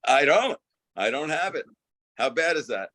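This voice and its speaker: A man's voice: fairly high pitch, sing-song, moderate pace, bright, forceful tone. A middle-aged man, a former wrestler, talking casually as an interview guest in a laid-back way, saying "dude" and "you know" often.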